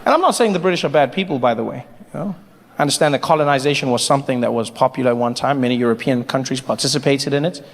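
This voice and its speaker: A man doing live stand-up comedy in an animated style, often breaking into voices and shouts. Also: mid-range voice, very fast. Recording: live hall reverb, audience noise.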